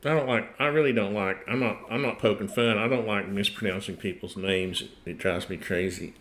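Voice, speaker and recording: A man's voice: lowish voice, fairly even intonation, normal speed, a bit bright. A middle-aged man with a Tennessee accent hosting a casual livestream, rambling, chuckling and trailing off mid-sentence. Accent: Tennessee Southern US. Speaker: host.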